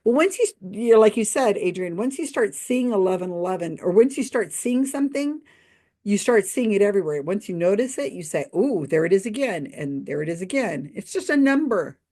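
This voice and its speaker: A woman's voice: medium pitch, animated, brisk, dark tone. A woman hosting a livestream, chatting skeptically and casually, laughing often as she reads out viewer comments. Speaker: host of a livestream commentary show.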